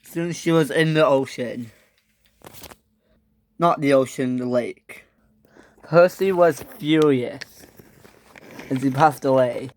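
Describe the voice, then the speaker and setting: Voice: mid-range voice, slow pace, pauses often, darkish tone, a little hiss or hum. A narrator telling a toy train story in a dramatic storytelling style, switching into character voices. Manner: dramatic, breaks into character voices and sound effects.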